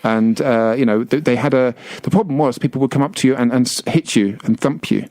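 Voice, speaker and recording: A man's voice: mid-range voice, brisk, darkish tone, no room sound. Rambling, self-mocking male radio co-host. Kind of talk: casual on-air chat. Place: radio studio. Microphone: studio microphone.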